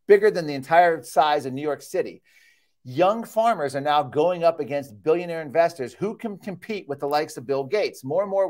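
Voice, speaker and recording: A man's voice: on the high side, darkish tone. A man giving a heated, sarcastic keynote speech at a conference, reading out quotes and getting worked up. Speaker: keynote speaker. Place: conference hall.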